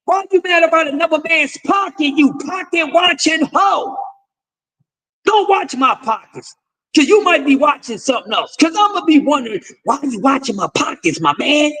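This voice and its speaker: A man's voice: extremely high pitch, expressive, fairly quick, pushed and bright, low-quality recording. A man hosting a boxing talk stream, delivering profane, confrontational commentary and lecturing his audience with repeated refrains. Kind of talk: ranting commentary.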